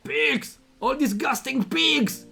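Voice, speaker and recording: Raging drunk old man, yelling, high-pitched and loud, read by a male streamer. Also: animated, takes it slowly, gravelly, soft background music, full character voice. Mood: furious. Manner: shouting angrily. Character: drunk, grieving old man in his sixties, furious.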